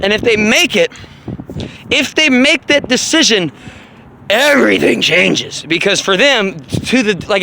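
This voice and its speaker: A man rambling casually and profanely, laughing often, in an animated monologue. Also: high voice, noisy background. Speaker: vlogger on astrology.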